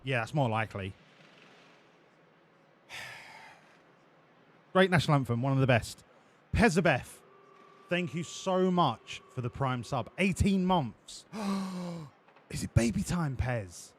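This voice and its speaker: Sweary streamer, sarcastic banter. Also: male voice, medium pitch, animated, measured pace, long pauses. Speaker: game streamer. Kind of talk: casual live-stream commentary.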